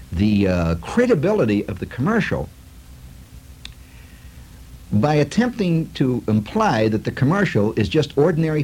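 A man's voice: fairly low pitch, breathy edge, poor audio. A man in a comic monologue, telling stories with sarcasm and lots of fillers. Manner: animated, sarcastic storytelling with many fillers.

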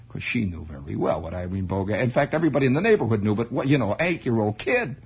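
A man tells a story in a very husky, gravelly voice. His pitch swings lively and wry. The recording is dull and lo-fi. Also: fast talker. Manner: wry, animated, chuckling. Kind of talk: spoken storytelling monologue.

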